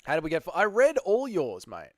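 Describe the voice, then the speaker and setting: A man's voice: a little high, wildly swooping pitch, a little fast, no room sound, clean studio sound. A man hosting a casual livestream, chatting loosely with his viewers and swearing freely. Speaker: livestream host.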